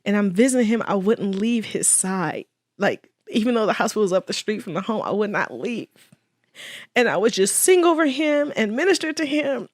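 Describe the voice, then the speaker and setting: A woman's voice: mid-range voice, animated, normal speed, no room sound, studio quality. A woman guest in an interview telling a personal story with earnest faith and quoted dialogue. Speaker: guest, widow.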